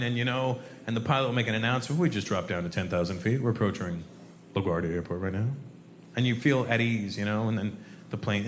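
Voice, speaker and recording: A man doing a stand-up comedy routine, telling an animated story and shouting out sound effects. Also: medium pitch. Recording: echoey live room, faint noise.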